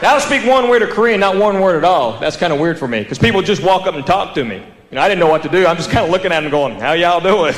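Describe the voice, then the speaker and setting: A man with a Southern US accent doing stand-up comedy, telling stories animatedly, stretching out vowels and acting out characters. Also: high voice. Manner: animated storytelling, drawn-out vowels, acts out characters. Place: live comedy venue with audience. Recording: roomy hall with audience noise. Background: crowd laughter.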